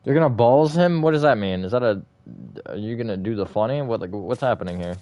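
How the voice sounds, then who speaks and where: A man livestreaming a building game, rambling as he thinks aloud and swinging between flat, disappointed-sounding talk and bursts of energy. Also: mid-range voice, quick pace, dry recording, lo-fi sound. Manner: rambling, thinks aloud with fillers and self-corrections. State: short on sleep. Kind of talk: casual livestream chat while gaming.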